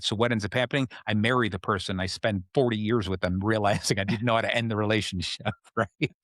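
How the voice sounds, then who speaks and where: Low-voiced man coaching in casual talk. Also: steady tone, brisk, fairly bright tone, dry recording, clean studio sound. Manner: explanatory, checks in with "okay?" often. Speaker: podcast host. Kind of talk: casual self-help talk.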